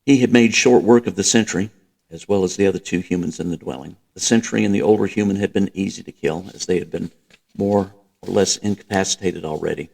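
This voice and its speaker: Deep, gravelly-voiced man narrating. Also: brisk, darkish tone. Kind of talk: audiobook reading.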